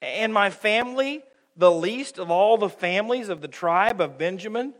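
A man's voice: high voice, big-room sound. A man preaching a sermon to his congregation, calling them friends and acting out everyday quotes with humor. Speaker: pastor. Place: church sanctuary.

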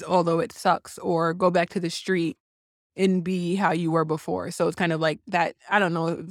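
Woman chatting about a movie, thinks out loud, dry close mic. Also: fairly low pitch, dry recording. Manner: thoughtful, rambling, many restarts. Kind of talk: casual film discussion.

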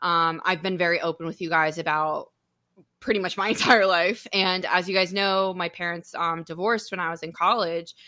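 Young woman, podcast host, candid casual chat, lower-pitched bright voice. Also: moderate pace, dry recording. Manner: open, animated storytelling with frequent laughter.

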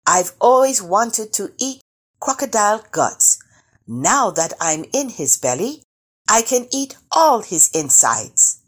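A woman voicing a mischievous male rabbit trickster in a storybook reading, with a high, bold, teasing voice. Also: very animated, a little slow. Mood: gleeful.

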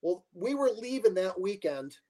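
Older male guest; high, very animated voice; rambling anecdote-teller. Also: moderate pace, rough recording. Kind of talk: casual storytelling.

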